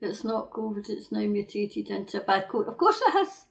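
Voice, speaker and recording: This Scottish host has a mid-range voice with vocal fry, speaking at normal speed and very animated. Angry and swearing heavily, she reads viewer comments aloud during a casual livestream rant recorded in dull lo-fi audio.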